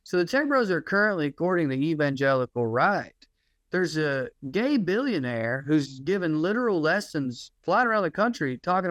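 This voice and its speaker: A man's voice: high-pitched, fairly bright tone, dry recording. A man co-hosting a casual comedy podcast, ranting in a sardonic, rambling way. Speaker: podcast co-host.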